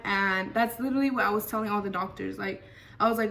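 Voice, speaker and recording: A woman's voice: medium pitch, fast talker, gravelly, fairly bright tone. Young female vlogger, casual storyteller, filler-heavy delivery, recorded a little off-mic. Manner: chatty, lots of fillers and "freaking". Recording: voice a bit far from mic.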